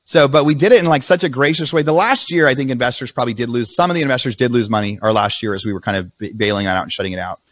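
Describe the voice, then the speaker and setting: Fast-talking man telling his story. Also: mid-range voice, no echo. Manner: rapid, animated retelling with restarts. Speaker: podcast guest. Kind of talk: casual storytelling.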